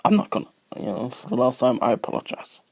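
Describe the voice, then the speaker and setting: A man's voice: medium pitch, big pitch swings, quick pace, creaky, slightly rough, no room sound. A man with a cough talks in a rambling, easily distracted way, drifting into whispers as he addresses viewers of his video blog. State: sick with a cough. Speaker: video blogger. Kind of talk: rambling casual monologue. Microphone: phone camera.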